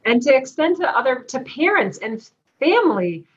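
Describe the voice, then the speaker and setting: A middle-aged woman speaking frankly in an interview, with a dark, wry humor. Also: high voice, very animated, moderate pace. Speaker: guest. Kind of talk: candid interview talk. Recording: slightly dull lo-fi sound.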